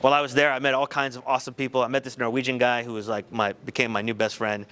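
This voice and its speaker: A man giving a motivational talk to high school students, telling a personal story in an animated, conversational way. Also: racing, slight background noise. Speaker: guest speaker.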